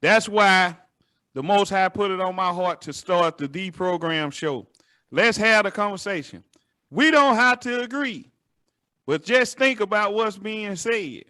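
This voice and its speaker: A man's voice: sits high, expressive, unhurried, bright, forceful tone. A man with a Southern American accent hosting a talk show, speaking earnestly and conversationally. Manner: earnest, conversational, preachy asides. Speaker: show host. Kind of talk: casual interview conversation.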